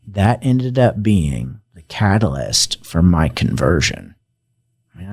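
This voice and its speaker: A man with a low, husky voice talks very slowly as he tells his personal testimony, emotional and reflective. The sound is dry and close. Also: darkish tone, dry recording. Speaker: guest.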